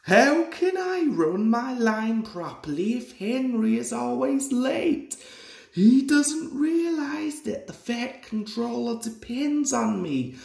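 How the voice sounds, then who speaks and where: A young man in his twenties voicing an impatient, cross young male tank engine in a brisk, bossy voice. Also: very high voice, big pitch swings, vocal fry, darkish tone, pitched above the performer's own voice, exaggerated voice. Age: 20s. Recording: roomy echoey room.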